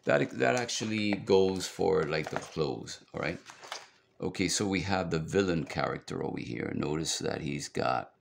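A man's voice: deep voice, expressive, unhurried, creaky, slight background noise. A man giving a casual, rambling drawing tutorial, chatty and full of fillers as he works through a book. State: hiccups. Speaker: drawing instructor.

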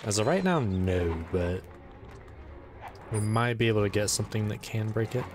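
Excitable man narrating his gameplay. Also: fairly low pitch, normal speed, background noise. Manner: excitable, talks to the game and its characters; says "dude" a lot. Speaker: let's play gamer. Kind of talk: casual gameplay commentary.

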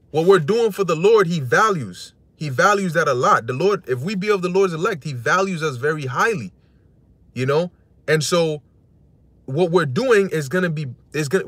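A man's voice: on the high side, a bit bright, no echo. A man giving a casual religious talk, slangy and conversational, full of "you know" and short laughs. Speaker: religious teacher.

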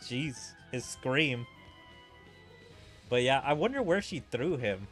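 A man's voice: mid-range voice, expressive, slow, fairly bright tone, faint music behind. A man giving casual gameplay commentary, musing and thinking aloud to himself as he plays. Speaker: streamer playing a game.

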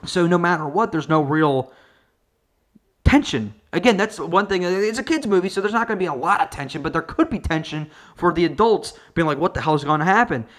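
Sarcastic high-voiced man ranting. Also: expressive, fairly quick, fairly bright tone. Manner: sarcastic, profane, riffing. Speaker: online video reviewer. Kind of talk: comedic movie review rant.

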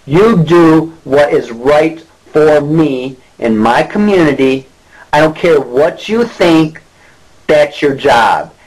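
A man's voice: on the high side, low-quality recording. A middle-aged man from Michigan, speaking straight to the camera in an angry rant, indignant and repetitive, full of rhetorical questions. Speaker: local whistleblower.

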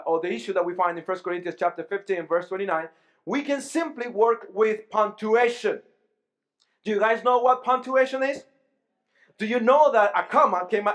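A lively sermon comes from a male pastor with a high-pitched voice, preaching inside a church sanctuary. As he develops his argument he keeps engaging the congregation, frequently restarting or repeating his words.

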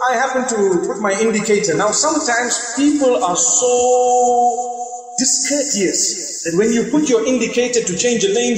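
A man giving a conversational sermon to a live audience, telling stories and joking with the crowd. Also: high-pitched. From southern Africa. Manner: storytelling, conversational, jokes with the audience. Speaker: preacher. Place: large hall. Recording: echoey hall, voice from a distance.

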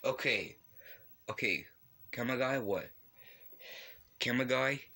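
A man's voice: mid-range voice, measured pace, vocal fry, bright, forceful tone. A young man playfully narrating a block game, voicing its characters and making animal noises. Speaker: video maker voicing toy-like game characters.

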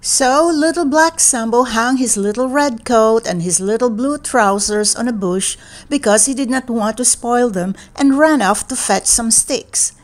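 A woman reading a children's picture book aloud in a gentle, expressive, deliberate way. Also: a little high. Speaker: read-aloud narrator.

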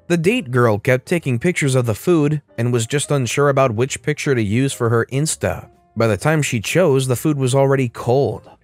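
A man's voice: mid-range voice, a little mellow, dry recording. Man narrating online stories, dry voice. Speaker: storytime narrator. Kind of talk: scripted narration of an online story.

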